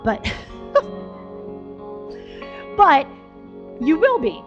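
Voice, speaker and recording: A woman pastor with a voice that sits high delivers a conversational, storytelling sermon. She is chatty and self-deprecating, using lots of fillers.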